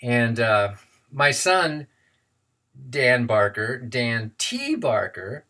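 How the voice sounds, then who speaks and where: A man's voice: medium pitch, sing-song, extremely slow, sharp tone. Man in his office telling a joke, chatty and playful, normal middle voice. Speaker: co-president of a freethought organization. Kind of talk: joke telling and casual self-introduction. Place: his office, blinds closed.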